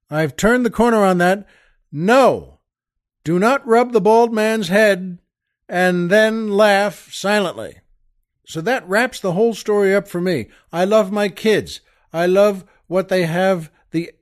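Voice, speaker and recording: A middle-aged man with a notably high voice hosts his show, spinning a comic anecdote for his listeners. He talks in a wry, exasperated way and keeps calling them folks. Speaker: podcast host. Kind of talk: comic storytelling monologue.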